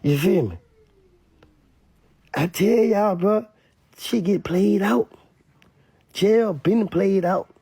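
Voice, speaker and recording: A man giving casual street commentary to camera, animated and repetitive, sometimes mimicking others in a high voice. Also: slow pace, long pauses, husky, dry recording.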